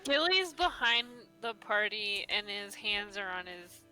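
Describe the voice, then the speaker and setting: A woman's voice: mid-range voice, sing-song, measured pace, sharp tone, soft background music, low-quality recording. A woman playing a tabletop role-playing game, casually and playfully describing her character. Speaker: player.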